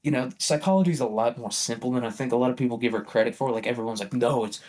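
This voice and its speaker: Casual male vlogger, mid-pitched, rambling and profane, laughs between points. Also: rapid-fire, darkish tone. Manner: profane, chuckling, rambling asides.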